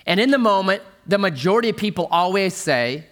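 A middle-aged male pastor preaching a sermon, telling a humorous story in an animated way. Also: high voice, fairly quick, few pauses.

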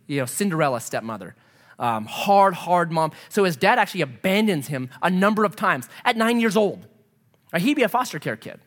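A man preaching a sermon as pastor, earnest and emphatic, dropping to a soft hush as he prays. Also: sits high. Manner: drops to a soft hush for prayer.

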